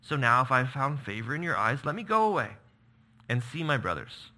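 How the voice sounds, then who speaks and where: A man voicing a young prince who pleads for his friend in a high, strained voice. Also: big pitch swings, a little fast, sharp tone. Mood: earnest.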